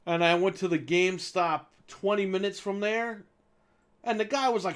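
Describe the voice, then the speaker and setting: His voice is high-pitched and his speed normal as this gaming-show co-host casually relates a lengthy tale. He swears freely and animatedly plays the people involved.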